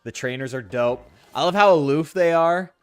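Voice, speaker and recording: A man's voice: fairly high pitch, normal speed, smooth, no echo, soft background music. A man doing casual, jokey commentary while he plays a game, using crude slang and reading the on-screen text aloud. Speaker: let's play streamer.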